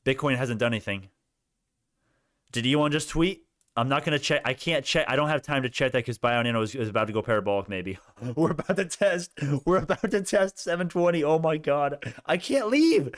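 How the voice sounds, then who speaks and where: A young man giving animated live commentary on stock prices, laughing and repeating himself, his voice worn out. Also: medium pitch, fairly quick, no echo, studio quality. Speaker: stock market streamer. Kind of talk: excited live market commentary.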